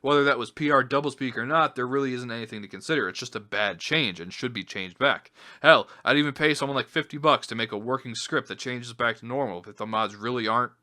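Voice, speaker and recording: A man's voice: mid-range voice, quick pace, bright, forceful tone. A man ranting in casual commentary, exasperated and swearing heavily as he talks over his screen. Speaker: vlogger.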